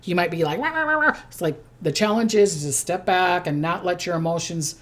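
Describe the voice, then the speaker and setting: A middle-aged woman giving a casual zodiac forecast, chatty and repetitive, often checking in with "okay?" and briefly mimicking people. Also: fairly low pitch. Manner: chatty, repeats "okay?", acts out quick voices. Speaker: psychic doing zodiac forecasts. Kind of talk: casual spoken forecast to camera.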